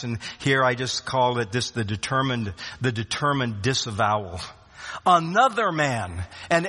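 A man preaching a sermon, swinging between loud rising questions and hushed low drops, often repeating words as he restarts a phrase. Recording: long hall reverb.

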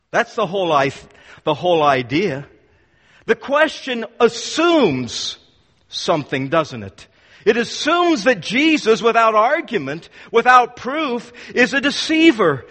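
A man's voice: high voice, sing-song, slow pace, fairly bright tone. A man preaching a sermon to his congregation, emphatic and repeating words for force. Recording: long hall reverb.

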